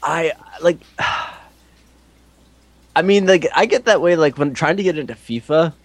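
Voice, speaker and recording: A man's voice: a little high, measured pace, no room sound. A man chatting casually about video games, rambling with many fillers and playful mock quotes. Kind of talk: casual gaming chat.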